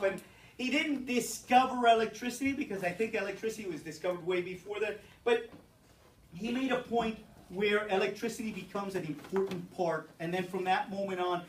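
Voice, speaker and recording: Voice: medium pitch, a little hiss or hum. Brief: chatty classroom teacher explaining at an easy pace, recorded from across a reverberant room. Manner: conversational, explaining and checking in with "okay?". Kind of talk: classroom history lesson. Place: echoey classroom. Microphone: far-off camera mic. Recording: roomy, distant classroom recording.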